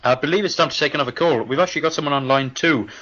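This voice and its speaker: A man co-hosting a comedy football podcast, playing a deadpan, overly polite and formal phone-in presenter. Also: fairly high pitch, rapid-fire, lo-fi sound, slight background noise. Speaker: podcast co-host.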